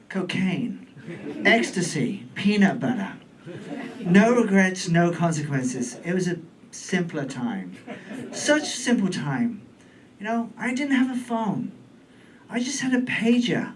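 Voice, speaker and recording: A British man in his forties performing a stand-up comedy set on a club stage, camp and playful with deadpan asides. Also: high-pitched, measured pace. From United Kingdom. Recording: distant mic in comedy club, faint room noise.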